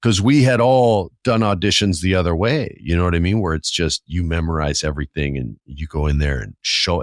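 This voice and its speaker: A man in his forties hosting a podcast, telling a profane story with animated delivery and acting out the voices in the exchanges he remembers. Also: deep voice, fairly quick, hardly any pauses, dry recording, clean studio sound. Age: 40s. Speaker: podcast host. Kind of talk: casual storytelling monologue.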